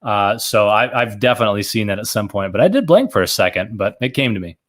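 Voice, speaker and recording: A man's voice: on the low side, expressive, fast. A man answering trivia questions in casual chat, easygoing and hesitant when unsure. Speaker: trivia contestant.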